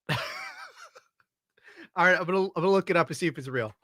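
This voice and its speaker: A man's voice: fairly high pitch, rapid-fire, fairly bright tone, dry recording, clean studio sound. A man from upstate New York giving crude, sarcastic commentary while browsing, laughing often. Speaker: streamer host.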